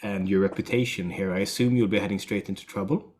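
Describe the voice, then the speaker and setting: A man voicing a brisk, dry female coffee-shop owner, measured and slightly stern. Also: deep voice, fairly even intonation, a little mellow, lightly acted.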